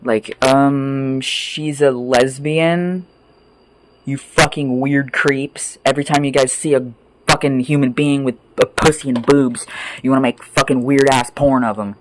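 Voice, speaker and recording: A man ranting off the cuff as a vlogger, angry and sweary, rambling between loud outbursts and low mutters. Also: steady tone, measured pace, noisy background. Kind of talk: profane off-the-cuff rant.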